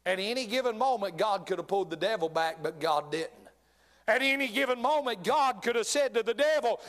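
A middle-aged man preaching a sermon, swinging between loud bursts and hushed, drawn-out words. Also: extremely high pitch, expressive. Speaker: pastor.

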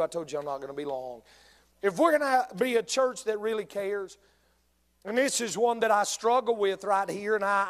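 A male pastor with a North Carolina Southern accent and a high, somewhat bright voice preaches a sermon. He speaks directly to his congregation, repeating key lines for emphasis.

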